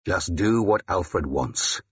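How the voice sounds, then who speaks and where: A man voicing a gruff, battle-hardened older Saxon ealdorman who snarls and growls his blunt, weary words in an audiobook. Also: sits low, lively intonation, takes it slowly, muffled recording, exaggerated voice. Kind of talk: audiobook character voice.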